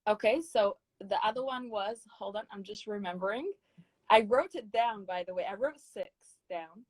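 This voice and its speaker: A woman's voice: medium pitch, moderate pace, no room sound, poor audio. A woman with a British accent, a guest singer giving emphatic, encouraging advice in a casual chat interview. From Britain.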